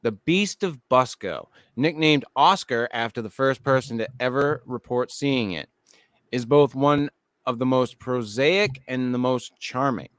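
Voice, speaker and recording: Smooth-voiced man hosting a podcast. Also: medium pitch, steady tone, unhurried, no echo. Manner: swearing, storytelling, reads segments aloud. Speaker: podcast host. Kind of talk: casual podcast chat and reading.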